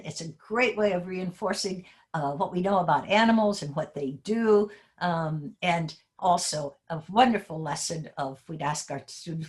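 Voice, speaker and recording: A woman giving a teacher training talk, animated and asking many questions. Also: lowish voice, normal speed, hardly any pauses.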